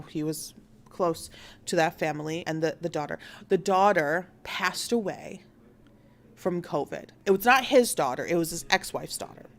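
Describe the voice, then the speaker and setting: A woman's voice: lowish voice, a bit bright. A young woman hosting a casual online news show, retelling a story animatedly and acting out the quotes with plenty of swearing.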